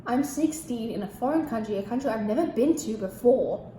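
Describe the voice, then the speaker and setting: A teenage girl telling a storytime vlog, animated and ranting, with heavy swearing. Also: a little high, a little fast, slight background noise. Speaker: vlogger. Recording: echoey room with faint ambience.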